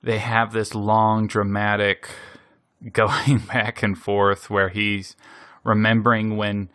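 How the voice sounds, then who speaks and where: A man hosting a podcast, casually recapping an anime episode in an animated way, laughing often and using many fillers. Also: lowish voice, takes it slowly, smooth, dry recording, studio quality. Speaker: podcast host.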